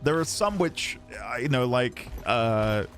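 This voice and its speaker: Streaming a game, a British man from the United Kingdom rambles casually, laughs readily and responds to his chat in British English. His medium-pitched voice is expressive and fairly bright, moving at a slow pace over soft background music.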